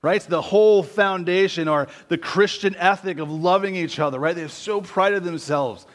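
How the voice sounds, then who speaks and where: A man preaching a sermon in a conversational way, often adding tag questions and dropping low and quiet on key words. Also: normal speed. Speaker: pastor.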